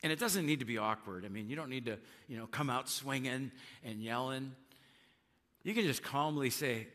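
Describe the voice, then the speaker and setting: A middle-aged male pastor preaching a conversational sermon, acting out quotes in lively voices. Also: medium pitch, normal speed, big-room sound.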